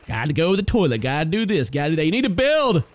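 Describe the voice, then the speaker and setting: Excitable man narrating a game. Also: a little high, fast, no echo. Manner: excitable, talks to his characters, jokey. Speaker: gaming YouTuber. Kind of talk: casual let's-play commentary.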